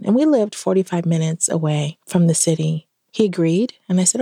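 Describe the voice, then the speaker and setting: A woman's voice: lowish voice, a little fast, gravelly, hardly any pauses, husky, no room sound, studio quality. A middle-aged woman, a podcast guest, telling a personal story in an interview and acting out the dialogue in it. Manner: animated, acts out quoted dialogue.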